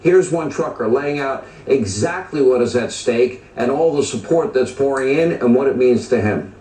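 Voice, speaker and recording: A man's voice: medium pitch, normal speed, dark tone, echoey room, far from the mic, poor audio. A man delivering opinionated TV commentary as host, emphatic and stacking lists of charged phrases. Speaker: TV news commentator.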